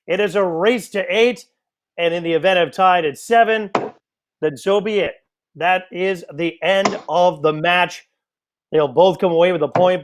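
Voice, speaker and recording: A man with a high, light voice calls a darts match live, chatty and quick to joke with the viewers. Faint background hiss and clicks sit under his voice. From United States. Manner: chatty, joking asides to viewers. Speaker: darts commentator. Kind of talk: live sports commentary.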